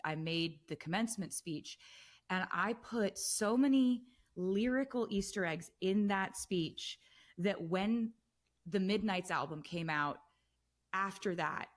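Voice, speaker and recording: A woman in her thirties, a guest on a casual podcast, telling animated stories with lots of fillers. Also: lowish voice, unhurried. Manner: chatty, animated storytelling with frequent fillers. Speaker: guest musician.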